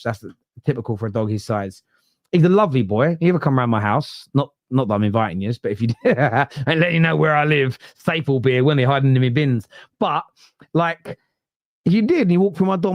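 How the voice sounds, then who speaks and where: A man hosting a casual football fan podcast, reading chat comments and telling stories with animated, rising emotion. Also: dry recording. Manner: animated storyteller, often rising in pitch when worked up.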